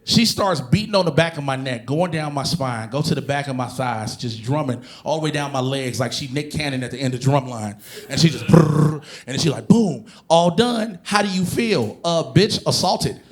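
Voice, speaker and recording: A man performing a stand-up comedy routine on stage, telling animated, profane stories and bursting into shouted impressions. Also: medium pitch, a little fast. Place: comedy stage before a live audience.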